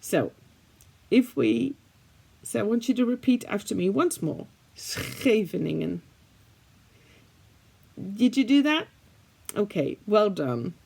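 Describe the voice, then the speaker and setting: A woman's voice: on the high side, very animated, unhurried, vocal fry, pauses often, darkish tone. A Dutch woman, a native Dutch speaker, chatting casually to her viewers in English with a faintly British-leaning Dutch accent, chatty and self-deprecating, with lots of fillers. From Netherlands. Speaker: art vlogger. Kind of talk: casual chat to camera.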